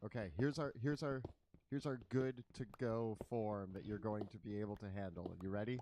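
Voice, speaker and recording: A man playing a tabletop game, speaking in character as a solemn ghost, with pauses and hesitations. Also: lowish voice, steady tone, mellow, a little hiss or hum. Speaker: player. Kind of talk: tabletop role-play in character.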